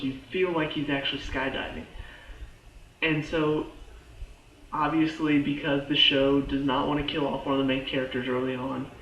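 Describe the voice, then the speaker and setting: A man giving a casual spoken review of a TV show, excitable and full of fillers and restarts. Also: a little high, reverberant, dull audio, slight background noise.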